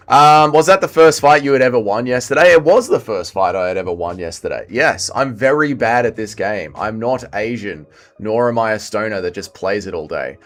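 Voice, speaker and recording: A man in his thirties bantering on a gaming livestream. His pitch swings widely as he jokes, reads chat messages aloud and hypes up his own moves. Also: lively intonation, normal speed, fairly bright tone. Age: 30s. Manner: banter, reading chat aloud while playing. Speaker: streamer. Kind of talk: casual livestream gaming commentary.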